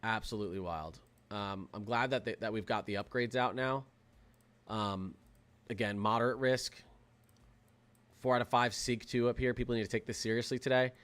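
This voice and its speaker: A young man hosting a live weather stream, talking in an excitable, rambling way with lots of fillers and restarts. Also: fairly low pitch, moderate pace, clear, resonant tone. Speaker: weather livestream host. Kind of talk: casual livestream commentary.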